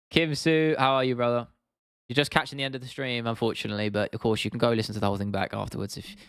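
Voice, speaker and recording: Man, livestream host, casual rambling chat, smooth voice, mid pitch. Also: a bit bright, no echo, clean studio sound. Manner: rambling, swears freely, lots of restarts and fillers. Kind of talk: casual livestream chat, reading out viewer comments.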